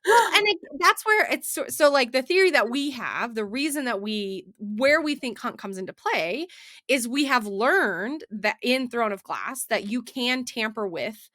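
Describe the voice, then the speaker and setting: Here's another woman co-hosting a book podcast, her voice on the high side and her delivery measured. She chats animatedly and keeps restarting and using fillers, and the studio-quality audio has no echo.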